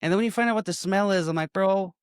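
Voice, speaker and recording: A man's voice: high-pitched, very fast, clear, resonant tone, dry recording, clean studio sound. A man co-hosting a podcast, recapping a horror film in casual chat, laughing and acting out the characters' lines. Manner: animated, laughing, swearing, acting out quotes. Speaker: podcast co-host.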